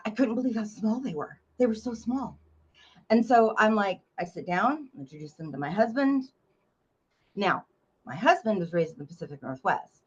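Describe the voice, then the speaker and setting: A woman from North Carolina, a memoir author guest telling a story in a blunt, animated way and swearing freely. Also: fairly low pitch, dull audio. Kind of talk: casual interview storytelling.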